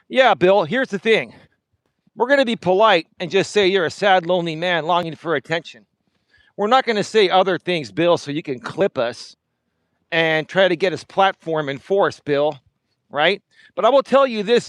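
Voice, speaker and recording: A man's voice: high voice, lively intonation, normal speed, fairly bright tone, no echo. A man hosting a livestream, taunting a rival with repeated jabs. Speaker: livestream host. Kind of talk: confrontational livestream rant.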